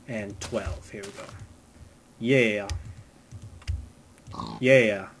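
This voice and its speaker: A man's voice: mid-range voice, a little hiss or hum. A man giving rambling, jokey let's-play commentary, chatting to the animals in his game. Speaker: gamer. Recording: loud music under the voice. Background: loud music.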